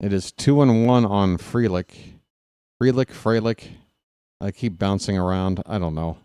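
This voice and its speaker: Slow, smooth-voiced man calling a game. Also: lowish voice, warm tone, dry recording, studio quality. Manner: casual, rambling, jokey, snaps at the umpire. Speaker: fan play-by-play commentator. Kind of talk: live play-by-play commentary.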